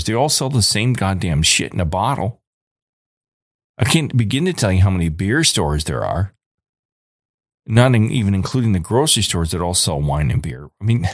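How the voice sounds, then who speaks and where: A man in his forties with a low voice rants hard as a podcast host. He is angry and emphatic, hammers his points home by repeating them, and is recorded in a dry, close setting. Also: no echo. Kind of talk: ranting monologue.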